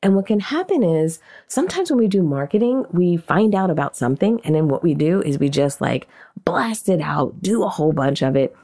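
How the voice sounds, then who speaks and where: A woman hosting a podcast, teaching in an animated, conversational way and often asking questions aloud. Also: lowish voice, fairly quick. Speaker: podcast host and marketing coach. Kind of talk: casual teaching monologue.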